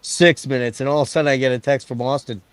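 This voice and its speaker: A man hosting a casual stream, telling stories to his friends in an excited, profane way. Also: medium pitch, fast talker, clear, resonant tone, no room sound. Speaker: stream host. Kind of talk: casual chat storytelling.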